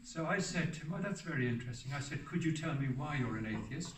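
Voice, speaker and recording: A man's voice: fairly high pitch, animated, quick pace, a bit bright. Seventies man, hermit telling stories to a gathering, meandering and self-correcting, heard from a distance. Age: 70s. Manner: rambling, often restarts and corrects himself. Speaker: hermit giving a public talk. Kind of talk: anecdotal storytelling talk. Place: hall for a public talk. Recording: roomy sound from a distant mic.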